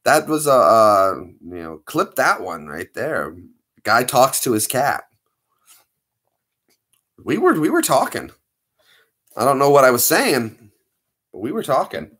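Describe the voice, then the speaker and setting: A man in a relaxed live-stream chat, talking straight to his viewers. His pitch jumps around a lot, and he sounds playful and chatty, with a mid-range voice. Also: measured pace, pauses often, husky.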